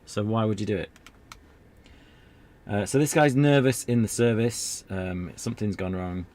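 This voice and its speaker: A man's voice: fairly low pitch, normal speed, darkish tone. A man streaming an old adventure game, chatting casually in a rambling, self-deprecating way. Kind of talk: casual gameplay commentary.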